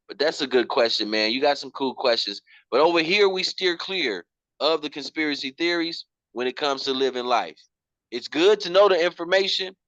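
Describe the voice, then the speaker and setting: A man's voice: a little high, fairly bright tone, no room sound. Slangy man explaining money, muffled. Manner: slangy, repeats words, calls listener bro. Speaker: program instructor. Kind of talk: casual teaching talk.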